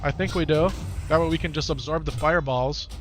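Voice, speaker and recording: This is live gameplay commentary from a streamer from Wisconsin, United States, whose accent comes through as he talks comfortably with chat and repeats himself often. The pitch sits on the high side, and the delivery is brisk and a bit bright. Faint music runs behind him.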